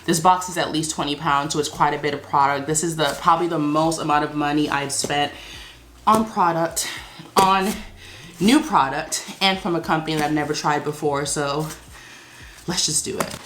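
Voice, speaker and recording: A woman's voice: deep voice, steady tone, normal speed, a bit bright, a little hiss or hum. A young woman vlogging about her small shop, chatty and anxious, with frequent exclamations. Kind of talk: casual vlog talk. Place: Brooklyn, New York.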